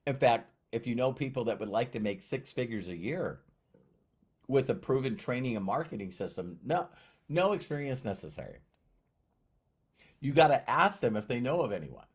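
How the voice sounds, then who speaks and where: A motivational speaker with a husky, mid-range voice tells a personal story at a normal speed. Animated throughout, he performs both parts of a conversation.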